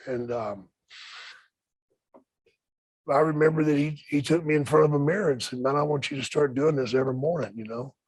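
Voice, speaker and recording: A man in his sixties, a podcast co-host, talking candidly and reflectively, with many pauses. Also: fairly high pitch, husky, dry recording, rough recording. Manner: slow, candid, lots of pauses and fillers. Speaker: podcast co-host, former wrestler. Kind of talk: reflective casual talk.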